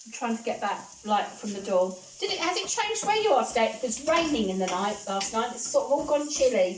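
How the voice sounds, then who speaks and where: A woman chatting casually while she cooks in her home kitchen, repeating gentle, reassuring phrases. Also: on the high side, a little hiss or hum. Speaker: home cooking vlogger. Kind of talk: casual chat while cooking.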